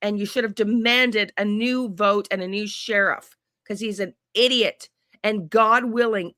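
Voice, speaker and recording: A woman's voice: fairly high pitch, sharp tone, no room sound. Lady true crime host on a fed-up sweary rant, dry close sound, dripping sarcasm. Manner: heated, blunt, sarcastic, swears often. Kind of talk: angry profane rant to camera.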